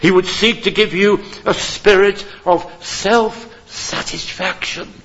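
A man preaching from a church pulpit, impassioned and emphatic, swinging between loud declarations and hushed appeals. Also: high voice, fairly even intonation, slow pace, dull audio. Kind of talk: sermon.

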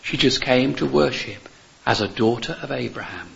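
A male preacher with a gravelly, creaky edge to his voice delivers a sermon in earnest, emphatic phrases, leaning on repetition and rhetorical questions. The recording sounds dull and lo-fi. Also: medium pitch, moderate pace, fairly bright tone.

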